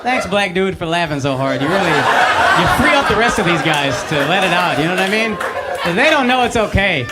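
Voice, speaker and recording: A man's voice: sits high, animated, brisk, very noisy. Brash, profane man doing stand-up. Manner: brash, profane, shouting punchlines. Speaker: stand-up comedian. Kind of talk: stand-up set with crowd work. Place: comedy club stage before a live audience. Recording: live club with loud audience laughter. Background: loud crowd laughter.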